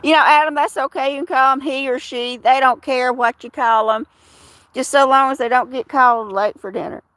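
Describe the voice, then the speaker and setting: A woman's voice: sits high, fairly even intonation, brisk, a bit bright, dry recording. An older woman hosting a casual livestream, chatting in a gossipy way, laughing often and asking her viewers questions. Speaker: livestream host. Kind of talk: casual live chat.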